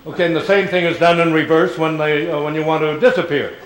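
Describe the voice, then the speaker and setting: A guest speaker, an older man with a fairly high, fairly even voice, answers audience questions fast in an auditorium, slightly raising his voice on a rough recording. His talk is loose and rambling with small restarts, turning playful and theatrical at times.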